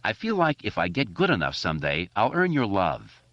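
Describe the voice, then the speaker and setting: A man voicing a wisecracking boy who keeps doing silly voices, in a jokey, squeaky manner. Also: wildly swooping pitch, moderate pace, fairly bright tone, no room sound, full character voice. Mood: joking. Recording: dull lo-fi audiobook recording.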